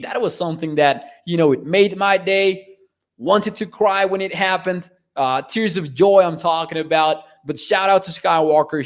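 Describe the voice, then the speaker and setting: A man hosting a sports podcast, chatting casually and reading viewer comments with frequent laughs and shout-outs. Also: a little high. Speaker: podcast host. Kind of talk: casual live-stream chat reading comments.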